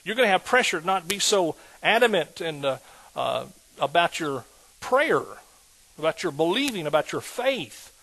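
Male pastor, husky, slightly high voice, emphatic sermon delivery. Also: sing-song, normal speed, low-quality recording. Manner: emphatic, rising to loud exhortation.

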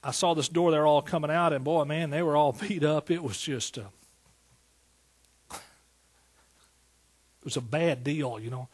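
Husky-voiced preacher in his sixties. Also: on the high side, unhurried, long pauses, darkish tone. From East Texas. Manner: folksy, storytelling, rising to emphatic praise. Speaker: pastor. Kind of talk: sermon.

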